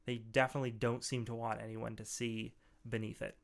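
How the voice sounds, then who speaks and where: A man running a tabletop game who describes the scene in a casual, rambling way. His voice is gravelly with a smooth, resonant tone. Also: mid-range voice, little pitch movement, a little fast. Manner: loose, filler-heavy description. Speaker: game master.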